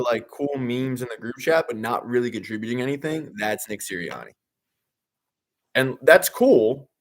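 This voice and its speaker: Sarcastic, exasperated man reacting live. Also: mid-range voice. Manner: rambling with frequent fillers and restarts. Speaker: watch-along host. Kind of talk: live game-reaction commentary.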